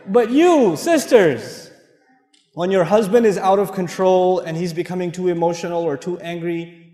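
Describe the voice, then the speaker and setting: Animated man preaching in an echoey hall. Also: high voice, normal speed, a faint crowd. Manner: animated, swings between loud and hushed, laughs often; acts out dialogue in his stories. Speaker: Islamic speaker. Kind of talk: lively sermon lecture.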